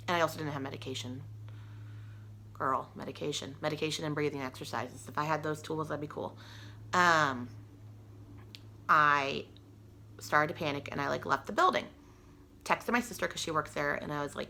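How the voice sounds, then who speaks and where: Chatty young woman, low and gravelly. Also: a little fast, pauses often, pushed and bright. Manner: chatty, lots of "like" and restarts. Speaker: vlogger. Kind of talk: personal storytelling to camera.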